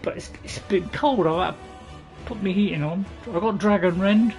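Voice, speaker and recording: A man's voice: high voice, normal speed, darkish tone, soft background music, low-quality recording. A man giving casual gameplay commentary, rambling and correcting himself with chuckling asides. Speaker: gaming channel host.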